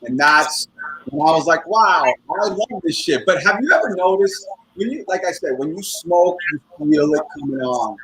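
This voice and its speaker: A man's voice: a little high, expressive, moderate pace, fairly bright tone, breathy edge, low-quality recording. A man doing a rambling, profane stand-up set over a video call, often laughing at his own jokes. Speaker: stand-up comedian. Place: at home in front of a computer. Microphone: computer microphone on a video call.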